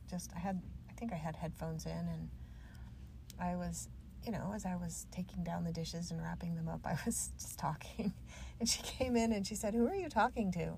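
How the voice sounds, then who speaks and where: A middle-aged woman hosting a solo podcast, chatty and self-deprecating, ending on gentle reassurance to the listener. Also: fairly low pitch, creaky, a little hiss or hum. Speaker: podcast host. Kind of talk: reflective solo podcast talk.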